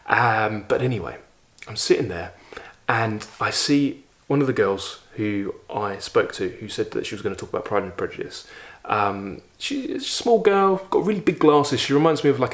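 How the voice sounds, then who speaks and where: A man, vividly retelling a personal story in a casual video, with frequent fillers. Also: fairly low pitch. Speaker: YouTube host. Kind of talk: storytelling vlog.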